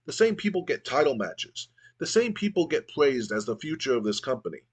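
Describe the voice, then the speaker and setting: A man's voice: medium pitch, very animated, fairly quick, breathy edge, pitched above the performer's own voice. A man reading as a bitter brooding veteran wrestler. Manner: resentful, self-pitying monologue.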